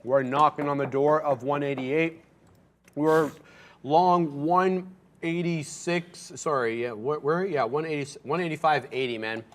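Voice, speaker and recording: A man's voice: fairly high pitch, unhurried. A man co-hosting a live day-trading stream in a studio, calling his trades and talking to the chat. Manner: upbeat, talks to chat. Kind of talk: casual live market commentary.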